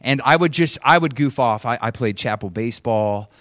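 During a sermon, a man recounts a personal story, frequently chuckling and swinging animatedly between loud, emphatic lines and soft asides. His voice is medium-pitched at a moderate pace, recorded with no room sound.

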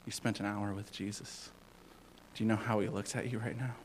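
A man giving an informal sermon as a youth pastor, rambling with many fillers and swinging between loud and hushed. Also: lowish voice, flat delivery, brisk, slight background noise, rough recording.

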